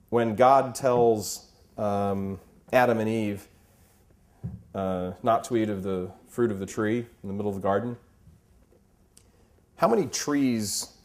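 On the low side and a little mellow, this man in his fifties gives an emphatic, impassioned Catholic talk. He's a storyteller, preaching through a series of anecdotes.

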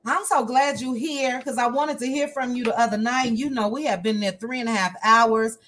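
Livestream host, woman from Chicago, lively and playful, higher voice. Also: moderate pace, a little hiss or hum. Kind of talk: casual chat, reading viewer comments.

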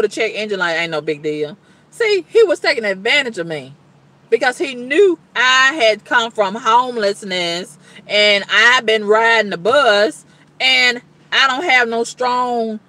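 A woman talks straight to the camera and vents in a long monologue. Her pitch swings widely as she stresses her points. She sounds blunt, exasperated and colloquial, and she repeats her exclamations for effect. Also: sharp tone. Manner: colloquial, blunt talk with cussing. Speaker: vlogger.

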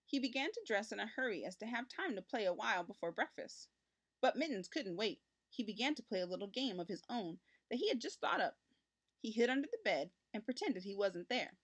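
Woman doing a kids' read-aloud, bouncy expressive voice, up and down a lot. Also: fairly high pitch, fairly quick, husky. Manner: expressive, lively storytelling. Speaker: teacher reading aloud. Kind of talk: children's read-aloud narration.

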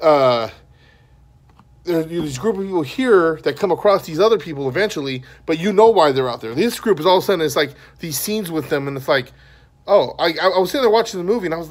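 A man hosting a podcast, giving a casual, rambling movie review. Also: on the high side. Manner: rambling and conversational. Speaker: podcast host.

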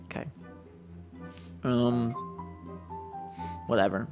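Man, let's play commentator, rambling and self-doubting, mid pitch, soft music behind. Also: steady tone, drawn-out words. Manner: talks to the viewers. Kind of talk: casual gameplay commentary.

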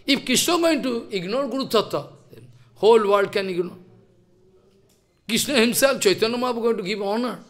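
A man's voice: high-pitched, a little fast, long pauses, fairly bright tone. A man giving a sermon as a spiritual teacher, emphatic and scolding, firing off rhetorical questions.

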